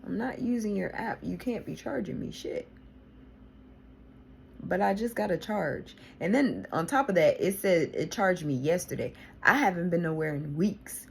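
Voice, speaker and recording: A woman's voice: lowish voice, expressive, moderate pace, creaky, a little hiss or hum. A woman vlogger venting to her viewers in a casual diary style, exasperated and swearing freely.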